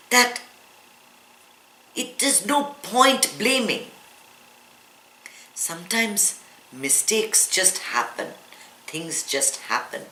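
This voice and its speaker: Speaking to a live audience in an echoey room with faint ambience, a woman meditation teacher delivers an earnest, explanatory spiritual talk full of rhetorical questions. Her voice is deep and sharp, with a little hiss or hum on the recording.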